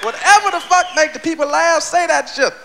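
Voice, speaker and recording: A man telling a stand-up story, animated and loud, shouting punchlines and acting out characters. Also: very high-pitched, brisk, vocal fry, a loud crowd, very noisy. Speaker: stand-up comedian.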